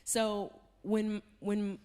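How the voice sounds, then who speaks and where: A woman, speaking as a church speaker in a panel talk, soft-spoken and earnest with many fillers. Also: mid-range voice, level tone, drawn-out words, clean tone.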